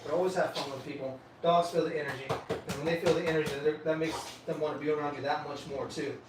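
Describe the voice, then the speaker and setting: Chill slangy dude training dogs, kinda high voice, far from mic, noisy echoey room. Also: male voice, fairly even intonation, quick pace. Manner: laid-back slangy banter, talks to dogs. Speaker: dog trainer. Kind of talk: live-streamed training session chat.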